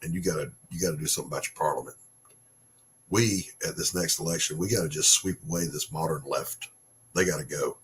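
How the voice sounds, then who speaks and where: A low-voiced man holds forth in a blunt, sarcastic rant, with frequent swearing. He keeps the casual talk of a host speaking off the cuff. A faint hiss of noise sits under his voice. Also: fairly quick. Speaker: podcast host. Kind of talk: casual opinion monologue.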